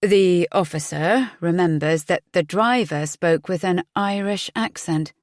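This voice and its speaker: A stern male police detective from an audiobook thriller, patient but probing, asking measured, pointed questions, as a woman narrator reads him. The voice sits low and unhurried, and the sound is close and dry. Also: no echo, close to an everyday voice.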